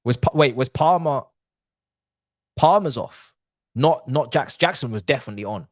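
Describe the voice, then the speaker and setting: A man's voice: mid-range voice, lively intonation, normal speed, no echo. A man hosting a live football watch-along, talking straight to his viewers as a passionate fan.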